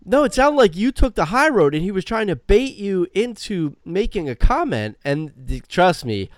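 A man co-hosting a podcast, chatting casually in a measured, reassuring manner with dry humor. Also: high voice, very animated, dry recording. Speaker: podcast co-host. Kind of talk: casual chat.

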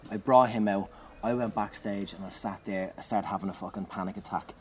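A man, a comedian, telling an animated anecdote in conversation, swearing and shouting out the lines he acts. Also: fairly low pitch, fairly quick. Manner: animated, swearing, loud acted-out bursts. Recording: noisy background.

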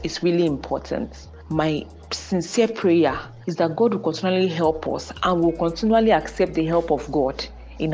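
A young Nigerian woman hosting a podcast, speaking in an earnest, preachy way with emphatic repetition about faith and marriage. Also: low-pitched. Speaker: podcast host. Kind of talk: casual monologue on faith and marriage.

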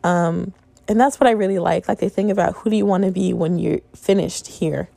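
A woman's voice: lowish voice, a little fast, gravelly, mellow, dry recording. A young woman in her twenties hosting a solo podcast, telling her own stories in a frank, exasperated way and often breaking into laughter. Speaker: podcast host. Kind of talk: casual monologue.

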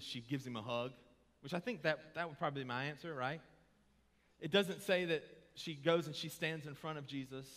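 A man's voice: on the high side, bright, forceful tone. A man preaching a sermon in a church, moving from casual asides to impassioned emphasis. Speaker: pastor. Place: church sanctuary. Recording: long hall reverb.

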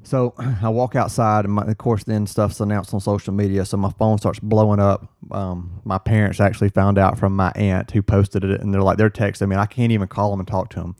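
A man, a firefighter guest, telling an earnest story in casual chat, halting and restarting as he quotes what others said. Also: on the low side, level tone, darkish tone, dry recording, clean studio sound.

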